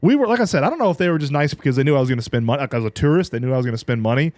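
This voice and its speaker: A man co-hosting a podcast, chatting casually and chiming in with quick agreements. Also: mid-range voice, expressive, a little mellow, dry recording, clean studio sound. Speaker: podcast co-host. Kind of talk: casual chat.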